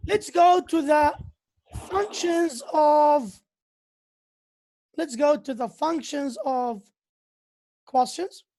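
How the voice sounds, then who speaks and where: A high-voiced woman lecturer, speaking slowly and with emphasis. She teaches English at university level, switches into to explain points, and acts out the example sentences with big, exaggerated intonation. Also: mellow.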